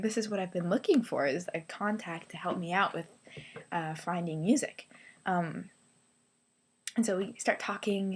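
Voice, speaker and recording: A young woman vlogging from a hostel hangout space, telling a story in a chatty, excited way full of fillers and acting out what people said. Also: fairly low pitch. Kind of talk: casual storytelling vlog.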